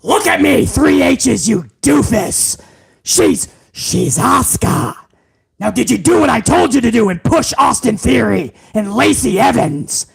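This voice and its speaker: A man's voice: very high-pitched, sing-song, unhurried, gravelly, breathy edge, full character voice. A man putting on an impression of a blustering older male wrestling boss who barks orders and calls people doofus. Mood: angry bossy. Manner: shouting, barking orders, insulting.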